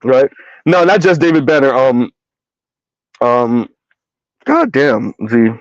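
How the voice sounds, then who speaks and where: A man's voice: mid-range voice, animated, slow, dry recording. A middle-aged man, ranting in a casual comedic way and laughing often, with a sing-song lift on his repeated punchline. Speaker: commentary vlogger. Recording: dry, dull lo-fi recording.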